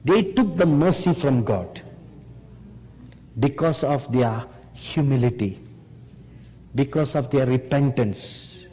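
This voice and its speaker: A man preaching a sermon, speaking slowly and emphatically and rising on rhetorical questions to his listeners. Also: mid-range voice, animated, mellow, husky. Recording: long hall reverb.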